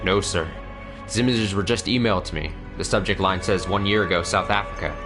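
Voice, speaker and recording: A man's voice: low voice, fairly quick, over music, lightly acted. A man reading aloud the lines of a nervous, deferential male vice director in a game. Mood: uneasy. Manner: plain read-aloud dialogue.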